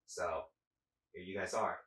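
A man narrating as game master, halting with many fillers. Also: low voice, steady tone, sharp tone. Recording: echoey room, distant mic.

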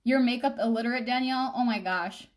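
A woman's voice: fairly high pitch, fast. A young woman chatting casually on a live makeup stream, rambling and addressing her viewers directly. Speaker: makeup vlogger.

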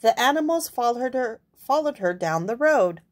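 A woman's voice: on the high side, lively intonation, normal speed. A young woman reading a picture book aloud expressively, adding asides to her listeners. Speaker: storyteller.

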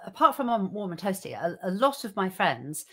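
A woman co-hosting a live online show, chatting and telling stories with a giggly, animated manner. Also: mid-range voice, a little fast. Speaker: co-host. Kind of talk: casual banter and storytelling.

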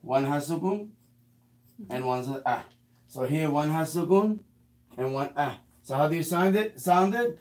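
A man teaching a beginner one-on-one in a casual lesson, patiently repeating words slowly. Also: a little high. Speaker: Arabic teacher.

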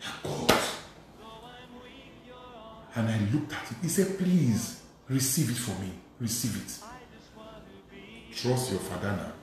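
A priest preaching a sermon, telling a testimony with emphatic repetition and acting out the dialogue. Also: male voice, medium pitch, very animated, a little slow, long pauses, a little mellow, soft background music. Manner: emphatic, repeats phrases, acts out dialogue. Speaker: Catholic priest. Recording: very echoey hall.

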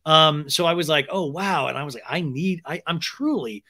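A man's voice: on the high side, moderate pace. A man hosting a podcast, recapping reality TV in a casual, gossipy way, often swearing and acting out what people said. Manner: gossipy, animated, swears, acts out quotes. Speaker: podcast host.

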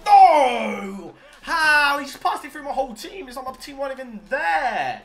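A young man giving excitable live commentary over his own gameplay, swearing and shouting at the game. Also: very high-pitched, fast talker. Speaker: gaming YouTuber.

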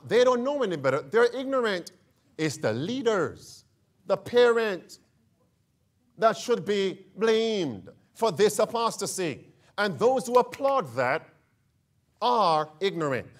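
A man preaching a sermon who keeps throwing questions back at his listeners and calls them friends. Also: sits high. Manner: emphatic call-and-response questions.

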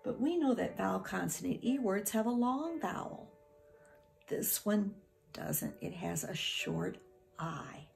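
Slow, gravelly-voiced woman teaching phonics. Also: mid-range voice, lively intonation, soft background music. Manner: slow, patient, sounds out word parts. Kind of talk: phonics lesson for young children.

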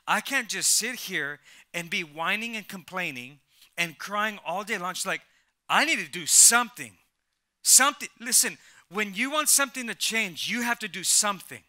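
A man preaching an energetic sermon to a church congregation, prompting the crowd to repeat lines and often restarting his words, swinging from soft asides to loud calls. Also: high voice. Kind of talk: energetic sermon with call and response. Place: church service before a congregation.

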